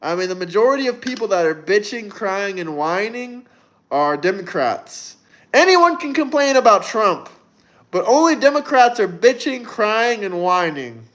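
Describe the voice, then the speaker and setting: This twenty-something man runs a livestream, addressing chat brashly with mockery and provocation. His high, somewhat bright voice has a sing-song lilt at normal speed.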